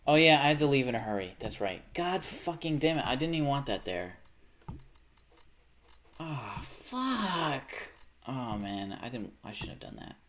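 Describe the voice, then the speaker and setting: Cursing, excitable male game streamer. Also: a little fast, hardly any pauses, a little hiss or hum. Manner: swearing, panicky outbursts between low self-critical muttering. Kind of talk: live gaming commentary.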